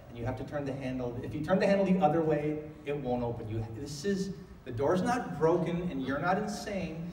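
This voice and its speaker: Preaching a Sunday sermon in a church sanctuary, a middle-aged pastor talks to the room conversationally before rising into emphatic calls, his slightly high, a little mellow voice lively in intonation and a touch fast. Set back a bit from the mic, he echoes through the long hall, faint room noise beneath.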